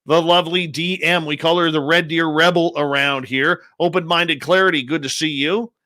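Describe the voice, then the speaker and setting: A man hosts a live radio show from his home studio, reading out listener names with playful, stretched-out announcer flair. His voice sits a touch high and sounds bright and forceful, recorded close and dry. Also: steady tone, dry recording. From Canada. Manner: upbeat, playful, drawn-out announcer emphasis. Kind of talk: live show roll call and greetings. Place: home studio in British Columbia.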